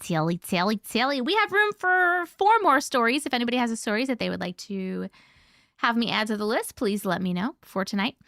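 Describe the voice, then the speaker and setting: Her voice sits on the high side with lively intonation and a slightly bright tone, moving fairly quickly. Hosting a casual livestream in studio-quality sound with no room noise, she reads comments and bubbly greets viewers by name.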